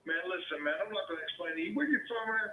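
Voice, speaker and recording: A man's voice: high-pitched, very fast, reverberant, narrow, tinny audio. A man from the Pittsburgh area, arguing heatedly as a caller, profane and combative, repeating himself. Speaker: caller, homeowner. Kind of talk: heated phone argument.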